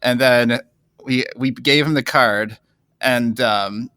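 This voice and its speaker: Bright-voiced man telling a story. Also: slow pace, clear, resonant tone, no room sound, clean studio sound. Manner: animated storyteller, acts out quoted people in a higher voice. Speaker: podcast co-host. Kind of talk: casual chat, storytelling.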